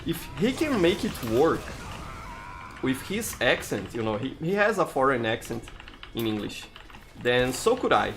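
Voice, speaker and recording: Streaming a game live, a man from Brazil speaks with a Brazilian Portuguese accent in a medium-pitched, fairly bright voice that swings widely in pitch at a measured pace. He chats with viewers as he plays, often saying "you know" and restarting sentences, over slight background noise.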